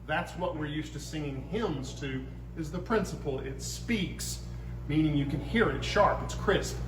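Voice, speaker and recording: A middle-aged church organist explaining how a chapel organ works, patient and step by step. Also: male voice, fairly high pitch, moderate pace, background noise. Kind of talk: explanatory demonstration. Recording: echoey chapel room.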